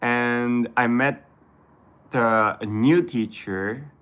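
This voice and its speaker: Male host, unhurried halting delivery, everyday conversational tone. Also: medium pitch, fairly bright tone, smooth. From Japan. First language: Japanese. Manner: halting, searching for words, frequent restarts. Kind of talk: casual conversation in English.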